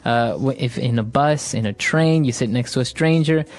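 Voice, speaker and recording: A man's voice: mid-range voice, normal speed. A man from Ecuador co-hosting an English lesson, affirming and explaining phrases. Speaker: co-host, English teacher.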